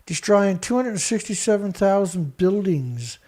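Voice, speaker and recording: A man hosting a show, reading research text aloud haltingly and breaking in with scornful remarks to an absent critic. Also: sits high, lively intonation, darkish tone. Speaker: show host. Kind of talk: reading documents aloud with commentary.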